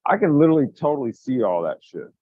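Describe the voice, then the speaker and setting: A man's voice: medium pitch, big pitch swings, fast talker, no room sound, phone-quality sound. A man co-hosting a podcast, talking casually as he brainstorms, rambling with frequent restarts and swearing. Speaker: podcast co-host.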